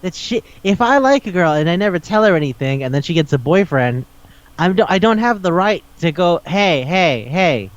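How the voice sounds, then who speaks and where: A man's voice: high-pitched, fairly quick, dry recording, muffled recording. A man co-hosting a casual podcast chat, ranting and swearing as he picks a movie apart. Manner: ranting, profane, animated. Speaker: podcast co-host.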